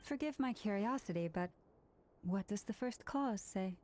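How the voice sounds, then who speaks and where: A woman's voice: medium pitch, lively intonation, measured pace, a little mellow, slight background noise, natural voice. An actress playing a polite, earnest woman ally in a video game. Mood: curious.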